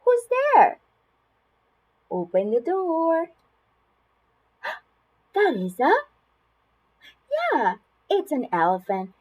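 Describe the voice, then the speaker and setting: A woman's voice: sits high, drawn-out words, long pauses, breathy edge, low-quality recording. Woman demoing read-aloud for little kids, singsongy and gaspy, takes her time, voice jumps around a lot. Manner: expressive sing-song reading with gasps. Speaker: parenting tips presenter. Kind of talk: demonstrating reading a picture book to a toddler, then giving tips.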